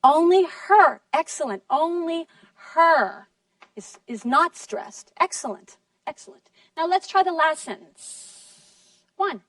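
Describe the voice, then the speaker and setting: A high-voiced woman teacher talks slowly and deliberately, sounding out each sentence for her class and praising answers. The sound is dry, picked up from a little distance. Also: animated, dry recording. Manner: slow, deliberate, encouraging, models sentences clearly. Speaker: English teacher. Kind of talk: classroom lesson in two languages.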